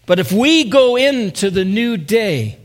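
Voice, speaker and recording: A man with a fairly high voice preaches to his congregation. He is earnest and builds into impassioned appeals, calling out to listeners by name. His voice lifts higher as the urgency grows. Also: big pitch swings, measured pace. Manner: addresses listeners as saints and by name. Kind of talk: sermon.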